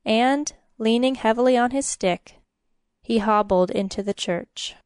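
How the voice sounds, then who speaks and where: Smooth-voiced woman narrating a story. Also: fairly high pitch, unhurried, a little mellow, no room sound, studio quality.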